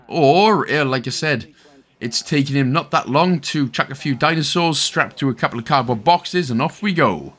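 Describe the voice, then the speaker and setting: A man's voice: medium pitch, lively intonation, moderate pace, fairly bright tone. A young man with a Welsh accent talking through a game guide, chatty and joking with lots of asides. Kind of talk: casual gameplay commentary.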